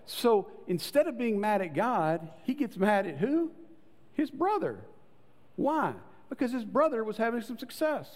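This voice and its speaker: Male pastor, fairly high voice, very lively delivery, hall reverb. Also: a little slow, long pauses. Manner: conversational preaching, acts out voices with rising pitch. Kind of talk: sermon.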